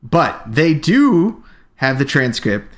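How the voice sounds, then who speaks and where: A man's voice: a little high, very animated, slow. A man co-hosting a podcast in casual chat, rambling with frequent fillers. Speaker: podcast co-host.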